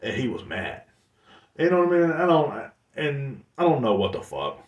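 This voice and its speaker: A man's voice: mid-range voice, big pitch swings, moderate pace, highs cut off. A man hosting a podcast, telling a long story in a casual, rambling, profane way. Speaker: podcast host. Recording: roomy, distant mic.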